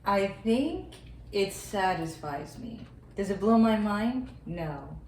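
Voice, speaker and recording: A young woman co-hosting a casual food vlog, relaxed and understated in her remarks. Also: medium pitch, slow. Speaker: co-host, host's wife. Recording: echoey room, distant mic, faint noise.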